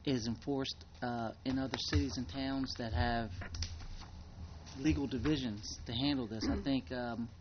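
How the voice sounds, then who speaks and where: A man, a town official, speaking at a council meeting in a measured, hesitant way with frequent ums. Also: mid-range voice, fairly even intonation, dull audio, noisy background. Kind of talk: formal meeting talk.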